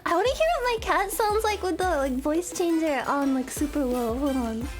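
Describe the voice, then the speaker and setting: A woman streaming a game from her desk at home, excitable and giggly, swearing freely in casual chat. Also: high voice, moderate pace, soft background music.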